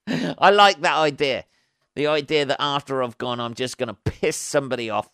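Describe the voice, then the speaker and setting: A man's voice: medium pitch, moderate pace, fairly bright tone, smooth, no room sound, clean studio sound. A man hosting a solo comedy podcast. He rambles through sweary, wry asides with plenty of ums. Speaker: podcast host. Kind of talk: solo comic podcast monologue.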